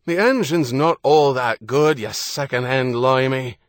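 A man's voice: on the high side, normal speed, slightly rough, dry recording, voice pushed up. Man putting on a furious Irish sailor. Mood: angry shouting. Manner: shouting, defiant. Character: angry weakened man shouting from a boat.

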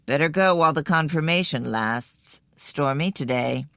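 A woman reading the lines of a bored, curt counter clerk in a storybook, flat and unhurried. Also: sits low, creaky, dry recording, clean studio sound.

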